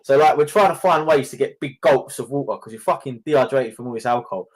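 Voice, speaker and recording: A man speaks fast in a relaxed podcast chat. He tells anecdotes full of swearing and laughs along as he goes. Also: mid-range voice. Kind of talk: casual chat.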